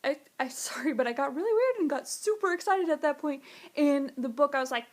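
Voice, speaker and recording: A woman reviewing a book in a casual vlog, gushing and excitable, jumping up into high squeals. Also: brisk.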